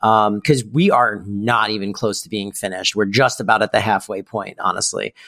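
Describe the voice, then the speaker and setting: A man co-hosting a podcast in casual chat, jokey and animated, sometimes jumping into high squeals for comic bits. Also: normal speed, vocal fry, dry recording, clean studio sound. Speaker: podcast co-host.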